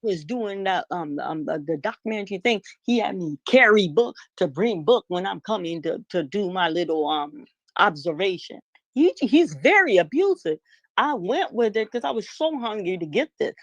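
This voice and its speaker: A woman's voice: medium pitch, dry recording. A woman as an interview guest, telling her story emphatically and acting out the people she quotes. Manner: emphatic, acts out quoted dialogue. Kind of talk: storytelling in casual talk.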